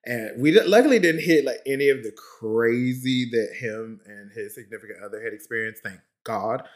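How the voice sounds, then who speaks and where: A man of average pitch tells a story to his podcast listeners in a loose, chatty way. He laughs easily and calls them honey and child. His voice jumps up with excitement, then drops low and quiet when he gets reflective. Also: normal speed. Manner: swings from lively bursts to low, quiet reflection. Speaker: podcast host. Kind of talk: casual storytelling.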